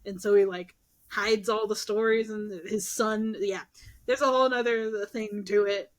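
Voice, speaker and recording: A woman's voice: medium pitch, a little slow. A young woman co-hosting a podcast, casually retelling myths and acting out the characters' lines. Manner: animated, acts out characters' lines with swearing and laughs. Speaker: podcast co-host. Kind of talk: casual storytelling chat.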